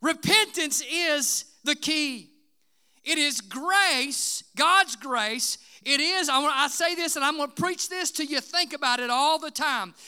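A man preaching a fiery sermon, emphatic, with frequent "uh" fillers and shouted bursts. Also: extremely high pitch.

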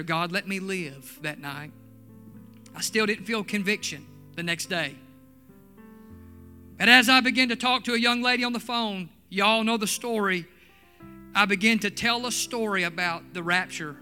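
A man preaching a sermon testimony, swinging from hushed storytelling to fervent shouting. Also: high voice, normal speed, faint music behind. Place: church.

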